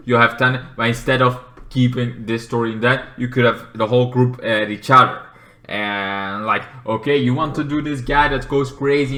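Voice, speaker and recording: A man giving a casual, rambling movie review, swearing and often acting out the characters. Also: roomy sound. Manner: rambling, swears, acts out characters in shrill yells.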